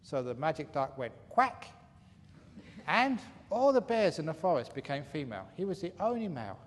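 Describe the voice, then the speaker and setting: A man's voice: a little high, sing-song, normal speed. A man, a meditation teacher, telling jokes in a playful way during a retreat question-and-answer session and chuckling at his own jokes. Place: retreat hall. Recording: faint hall reverb, light room noise.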